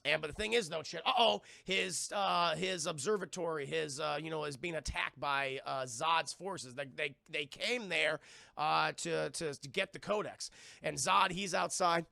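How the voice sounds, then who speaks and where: A young man streams a loose, profane film recap, often talking straight to his chat and tossing in sound effects. His voice sits high for a man, bright and a little gravelly, recorded dry and close. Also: moderate pace, dry recording. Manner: mimics sounds and thanks viewers. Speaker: streamer reviewing films. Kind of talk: casual live-stream chat.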